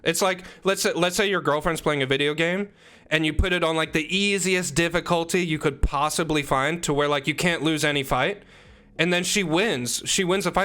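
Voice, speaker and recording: A man's voice: a little high, fairly quick, sharp tone. A young man streaming a game, chatting casually with his viewers, joking and teasing between explanations, on a desk microphone. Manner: joking, teasing chat, rambling asides. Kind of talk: casual live-stream chat.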